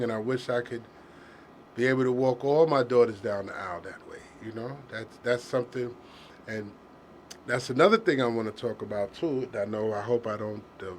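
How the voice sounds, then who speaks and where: A middle-aged man speaks in a heartfelt, casual way, earnest and openly sentimental. His voice sits at an ordinary, middling pitch, and he often stumbles and restarts as he searches for words. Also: a little hiss or hum.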